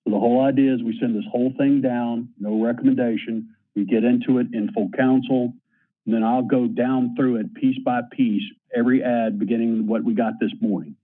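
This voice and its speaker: A man's voice: medium pitch, steady tone, brisk. A man chairing a city council committee meeting, running votes and reading agenda items in a rattling list. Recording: tinny phone-like meeting audio.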